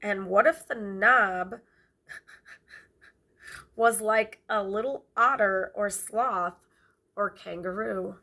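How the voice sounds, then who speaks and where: A woman reads a book aloud in an amateur, unpolished way, taking it slowly. Her voice is bright with a gravelly edge. She stumbles over words and goes back to correct herself. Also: mid-range voice. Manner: halting reading with stumbles and self-corrections. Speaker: vlogger reading a memoir aloud.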